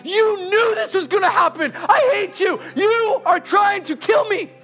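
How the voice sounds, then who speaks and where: A tiny, fierce little girl wails in a piercing, sky-high voice, as a man puts her on. Her pleas tumble out in shrill, rapid bursts, full of drama. It sounds like a preacher acting out a scene from a story. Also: bright, forceful tone, faint music behind, full character voice. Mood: furious. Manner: shrill, wailing, speaks in rapid outbursts.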